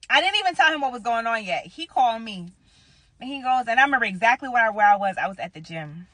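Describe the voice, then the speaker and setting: In a casual vlog, a woman in her thirties tells a personal story straight to her viewers, blunt and emphatic, swearing freely. Her voice is a little high and a bit bright, fast and expressive, recorded dry.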